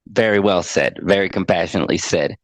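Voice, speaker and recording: A man's voice: low voice, a little fast, dry recording. A middle-aged man on a podcast, earnestly telling a heartfelt personal story as an anxiety coach and often repeating words as he goes.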